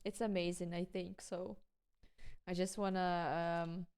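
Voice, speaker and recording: A woman's voice: fairly low pitch, measured pace, clear, resonant tone. A woman streaming, chatting casually with her viewers as she watches a travel video, laughing often. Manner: relaxed, laughing, talking to chat.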